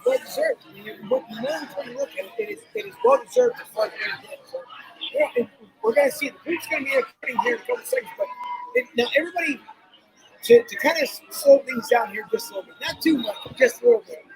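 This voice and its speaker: A man's voice: very high voice, sing-song, quick pace, soft background music, rough recording. A man hosting a sports talk show, rambling and repeating himself as he talks. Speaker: host. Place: loud sports bar.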